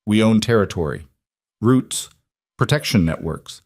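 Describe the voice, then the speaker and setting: A man voicing a cold, guarded crime boss in a read-aloud story, speaking quietly with terse, flat replies. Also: on the low side, a little slow, no echo, clean studio sound.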